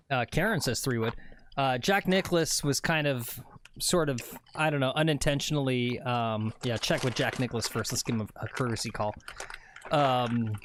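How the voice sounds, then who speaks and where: A man's voice: medium pitch, noisy background. A man hosting a casual golf livestream, chatting and rambling as he reads viewer comments aloud. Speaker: livestream host.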